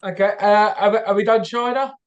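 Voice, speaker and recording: A man's voice: high-pitched, fairly even intonation, moderate pace, clean tone, muffled recording. A man hosting a comedy podcast, throwing short questions and banter at his guest. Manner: brief prompts and banter. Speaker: podcast host. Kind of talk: casual interview.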